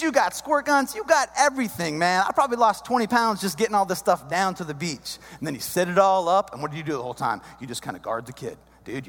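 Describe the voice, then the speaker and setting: Man, 30s, comic storyteller; high, bouncy voice, long hall reverb. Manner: animated, chummy, addresses the guys. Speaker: comedic storyteller.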